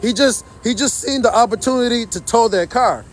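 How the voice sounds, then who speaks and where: A man's voice: extremely high pitch, a little fast, a little hiss or hum. A man livestreaming outdoors from his phone, indignantly commenting to his chat in a repetitive way.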